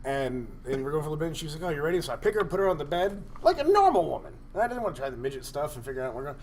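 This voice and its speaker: A man on a podcast telling a crude story in a rambling, animated way, laughing often. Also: fairly high pitch, very fast, slight background noise. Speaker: podcast co-host.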